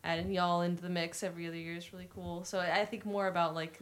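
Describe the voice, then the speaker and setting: A woman's voice: lowish voice, flat delivery, fast. A woman in casual family chat, rambling and full of "like" as she thinks aloud. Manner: rambling, many likes. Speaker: family member.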